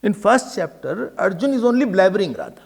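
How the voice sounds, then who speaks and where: A man with an Indian English accent giving a spiritual discourse on scripture, animated and sprinkling in Hindi and Sanskrit terms. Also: sits high, brisk, gravelly. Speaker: spiritual teacher.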